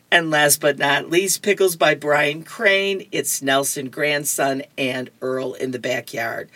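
Slow, low-voiced woman radio reader. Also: lively intonation, a bit bright, dry recording. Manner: chuckling, playfully acts out comic characters. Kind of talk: reading comic strips aloud on radio.

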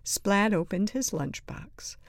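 A woman reading a children's picture book aloud in a slow, expressive way. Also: medium pitch, dry recording, clean studio sound. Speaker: storyteller.

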